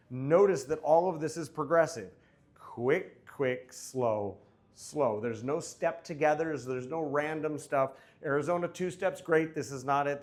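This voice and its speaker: Joking man counting dance steps. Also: mid-range voice. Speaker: dance instructor. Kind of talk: casual teaching with counting. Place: dance studio. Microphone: wearing a microphone.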